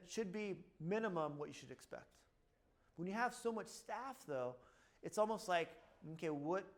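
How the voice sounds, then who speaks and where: A middle-aged chiropractor with a slightly high voice gives a casual seminar talk to the room, telling offhand stories about his clinic. He moves between his own words and acted-out quotes, sprinkling in "blah, blah" throughout.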